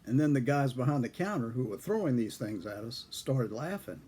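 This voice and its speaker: An older man, a former airman, telling a story from his own past in a casual, folksy way, chuckling and clearing his throat now and then. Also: medium pitch, animated, moderate pace, warm tone, soft background music. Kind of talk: casual spoken memoir storytelling.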